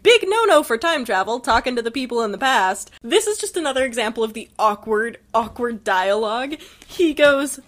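Woman, higher pitch, wry, critical, casual podcast chat. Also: lively intonation, moderate pace, a bit bright. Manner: wry, critical, laughs often. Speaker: podcast co-host. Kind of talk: casual book discussion.

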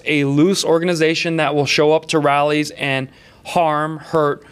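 Sarcastic male comedian host. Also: a little high. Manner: sarcastic, mocking, riffs quickly between topics. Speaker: comedian hosting a political talk show. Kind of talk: comedic political commentary.

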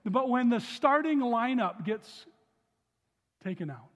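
A man with a high voice preaching to his congregation. He reads scripture low and soft, then speaks earnestly in his own voice. The sound carries a long hall reverb. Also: expressive, takes it slowly. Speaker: pastor. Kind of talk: sermon with scripture reading. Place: church sanctuary.

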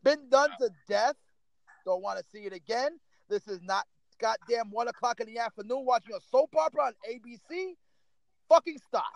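Exasperated male co-host, very high-pitched, cursing and pleading, dry close recording. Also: moderate pace, creaky, dry recording, low-quality recording. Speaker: podcast co-host. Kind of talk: casual wrestling podcast rant.

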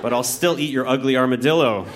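A man doing a calm, stubborn mother. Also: mid-range voice, quick pace, noisy background, close to an everyday voice. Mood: soothing. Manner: soothing, calm.

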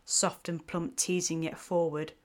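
A woman's voice: on the low side, level tone, unhurried. Woman narrating a romance story.

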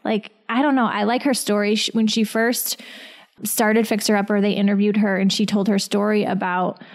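A woman in her thirties co-hosting a casual podcast, chatty and animated, laughing often as she tells stories. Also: medium pitch, normal speed. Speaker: podcast co-host. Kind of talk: casual chat.

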